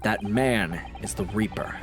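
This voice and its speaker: Man doing a stern young prosecutor, low voice, measured, menacing. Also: music in the background, close to an everyday voice. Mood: cold. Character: cold, stern young male prosecutor rival.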